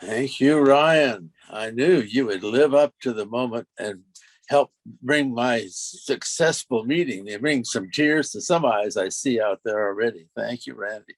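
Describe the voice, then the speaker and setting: A man's voice: medium pitch, measured pace, no echo. A man hosting a club meeting, thanking one speaker and introducing the next. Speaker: meeting host.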